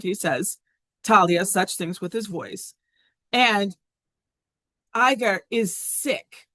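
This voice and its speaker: A woman's voice: medium pitch, a bit bright, no room sound. A woman teaching a Latin lesson in a classroom, chatty and thinking aloud as she translates.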